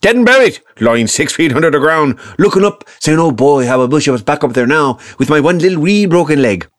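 A man voicing an excitable old grandfather with a Northern Irish accent who keeps raising his voice as he goes on. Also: a little high, fairly quick, no room sound, studio quality, pitched above the performer's own voice, lightly acted. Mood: exasperated. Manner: excitable, escalating.

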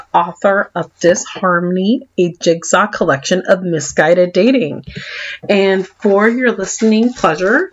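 A woman with a Californian accent and a slight lisp reads from her memoir with dramatic, self-mocking flair, her pitch and volume swinging widely between mock despair and wry asides. Her voice is slightly rough, and the recording sounds a bit dull and muffled.

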